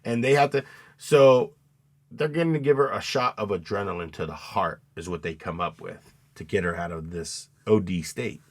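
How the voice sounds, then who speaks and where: A man co-hosting a casual movie review chat, retelling scenes with loud acted-out outbursts and plenty of swearing. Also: deep voice, normal speed. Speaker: podcast co-host.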